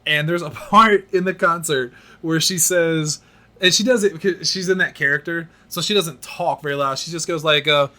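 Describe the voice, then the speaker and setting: A man hosting a podcast, telling stories in an animated, self-mocking way. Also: on the high side, moderate pace. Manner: animated storyteller, laughs at himself. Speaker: podcast host. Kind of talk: casual podcast chat.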